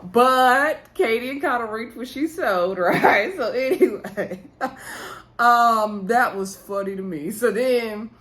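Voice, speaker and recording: A woman's voice: fairly high pitch, animated, takes it slowly, a bit bright. A woman giving a chatty, gossipy recap of a reality TV episode, rambling with fillers and self-corrections and laughing at the drama.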